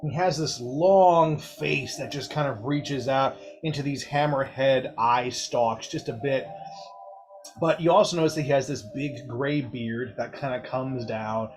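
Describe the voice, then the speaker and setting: A man's voice: medium pitch, unhurried, faint music behind. Chatty man narrating as game master. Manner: chatty, descriptive, with frequent fillers and laughs.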